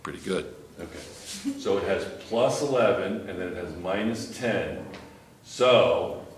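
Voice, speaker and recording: A man's voice: low voice, a little slow. Joking male chemistry teacher, echoey classroom. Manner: joking, teasing students. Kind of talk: classroom lecture. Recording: echoey classroom with faint background noise.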